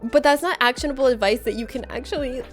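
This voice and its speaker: Chatty, high-voiced woman streamer from Florida. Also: fast, soft background music. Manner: chatty and playful, laughs often, reads chat aloud. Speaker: livestreamer. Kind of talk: casual chat reading viewer messages on a game stream.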